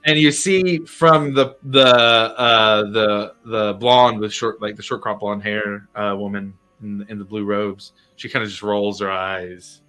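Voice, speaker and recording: A man narrating as game master in a tabletop game, casual and halting with many fillers. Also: fairly low pitch, steady tone, sharp tone, clear, resonant tone, soft background music.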